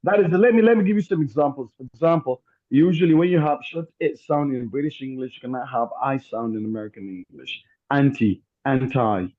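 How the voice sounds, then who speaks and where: A man's voice: fairly high pitch, fast, hardly any pauses. A man in an online debate, talking insistently and repeating his questions. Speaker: debate guest. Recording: tinny phone-like line.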